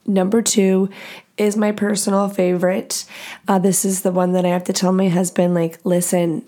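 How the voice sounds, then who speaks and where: Blunt, profane woman podcast host, mellow voice. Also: mid-range voice. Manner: blunt and profane, fast and animated. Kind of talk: casual solo podcast talk.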